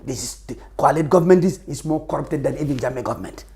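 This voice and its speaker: A man's voice: fairly high pitch, fast, mellow. A Gambian man with a Gambian accent, a political leader speaking fervently and preachily in an interview. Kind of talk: impassioned interview talk.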